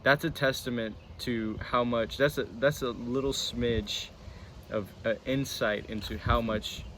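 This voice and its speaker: Outdoors near a road, with faint traffic in the background, a man co-hosts a casual Bible discussion for a church channel. His medium-pitched, fairly bright voice stays fairly even and unhurried as he rambles, pokes fun at himself, and often restarts.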